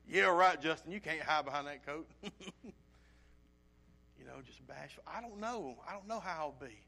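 Animated preacher man, fairly high voice. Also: measured pace, creaky, long pauses. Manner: animated storytelling with acted-out asides; emotional, earnest. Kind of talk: sermon with a personal story.

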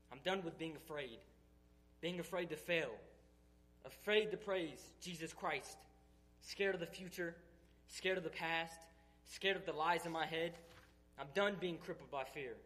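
Give me an earnest, emphatic man with a slightly high voice giving a tearful church testimony. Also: moderate pace, a bit bright, soft background music. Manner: earnest, emphatic, building intensity.

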